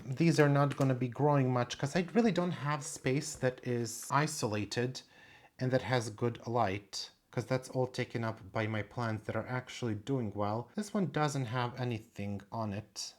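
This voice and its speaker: A plant collector in a casual show-and-tell vlog at home, chatting in a meandering way and thinking aloud while showing each plant. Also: medium pitch.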